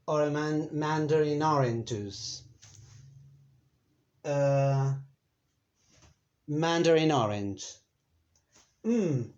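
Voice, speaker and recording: With a medium pitch and a darkish tone, a male Spanish teacher explains a lesson in a relaxed way. He speaks slowly, pausing on fillers and revising his words as he goes.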